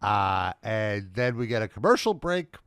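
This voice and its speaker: A man co-hosting a wrestling review podcast in casual chat, excitable and acting out the crowd's reactions. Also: on the low side, measured pace, clear, resonant tone, no echo, studio quality. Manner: excitable, acts out quoted reactions. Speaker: podcast co-host.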